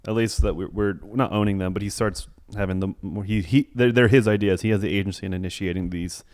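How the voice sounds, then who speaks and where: A lower-voiced man talking through a film on a podcast, circling his points with plenty of hesitation. His voice is smooth and resonant, recorded dry and close. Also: steady tone, a little fast, a little mellow, no room sound. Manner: rambling, hesitant, lots of fillers and restarts. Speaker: podcast co-host. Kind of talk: casual film review chat.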